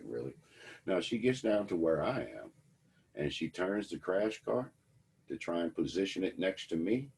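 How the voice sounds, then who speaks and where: A man's voice: rumbling low, gravelly, darkish tone, husky. A man giving a lecture to students, telling a personal story in a wry, conversational way. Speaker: instructor.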